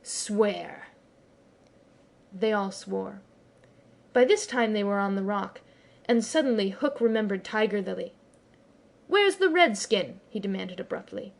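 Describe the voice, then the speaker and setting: A woman narrating a storybook audiobook with expressive, lively storytelling. Her voice sits at a medium pitch. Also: normal speed, creaky. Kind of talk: scripted narration.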